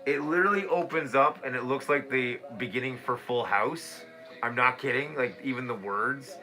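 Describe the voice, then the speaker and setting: A man in his thirties co-hosting a casual talk show, loud and crude, laughing and singing old theme songs. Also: mid-range voice, moderate pace, soft background music. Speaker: podcast co-host. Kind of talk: casual chat.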